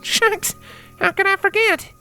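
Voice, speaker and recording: A man's voice: very high voice, steady tone, unhurried, creaky, pushed and bright, soft background music, voice pushed up, full character voice. A man reading a fanfiction aloud, voicing a teasing, spunky farm girl with a put-on drawl.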